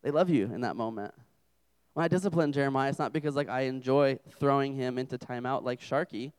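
Joking young preacher, smooth resonant voice. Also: male voice, mid-range voice, a little fast, darkish tone. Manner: joking, self-deprecating storyteller. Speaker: campus ministry preacher. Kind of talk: humorous sermon.

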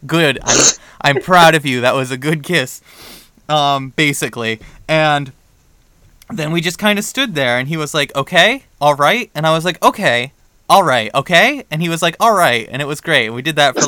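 A young man co-hosting a podcast, telling a story in a casual, animated way and acting out the dialogue. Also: on the high side, normal speed, smooth, dry recording, studio quality. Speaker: podcast co-host.

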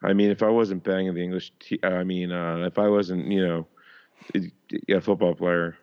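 A man's voice: low voice, little pitch movement, normal speed, clean tone, highs cut off. A man co-hosting a podcast in casual chat, rambling and profane, often mocking himself. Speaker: podcast co-host.

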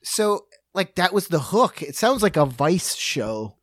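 A man's voice: high-pitched, big pitch swings, a little slow, dry recording. A man chatting casually on a podcast, eagerly telling stories and laughing along. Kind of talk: casual chat.

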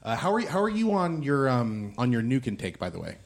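A man's voice: mid-range voice, sing-song, fast. Guy gming a tabletop game, playful, making it up as he goes. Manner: playful, improvising. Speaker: game master.

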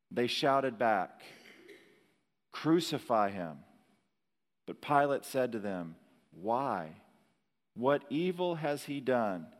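A man preaching a sermon in a slow, dramatic way, rising to emphatic peaks and dropping to hushed lines. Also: mid-range voice, big-room sound. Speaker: pastor.

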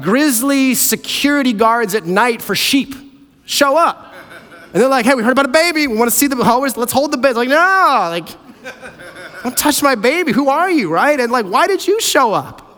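A man preaching a sermon as pastor, animated and playfully acting out characters. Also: high voice. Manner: animated, acts out voices of characters. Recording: hall reverb.

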